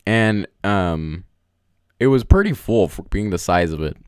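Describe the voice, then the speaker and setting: A man hosts a relaxed live stream, talking in a loose, rambling way full of "um" and "like". His voice sits on the low side but swings a lot in pitch. The sound is dry, with no room echo. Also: unhurried, clear, resonant tone. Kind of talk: casual live-stream chat.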